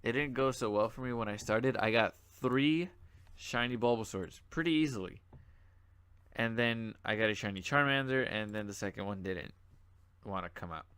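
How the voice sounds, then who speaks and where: A young man talks through a browser game in a slightly low voice, sleepy and yawning now and then. He rambles and loops back on himself with plenty of fillers, with the odd mouse click behind him. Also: moderate pace, fairly bright tone, clean tone. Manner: rambling and chatty, with many fillers and asides. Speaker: gaming channel host. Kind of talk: casual gameplay commentary.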